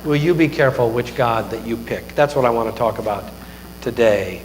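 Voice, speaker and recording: A man's voice: medium pitch, a little fast, a little hiss or hum. A male pastor giving a chatty sermon on a microphone in a church, joking and mocking himself. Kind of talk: conversational sermon. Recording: echoey church hall with long reverb.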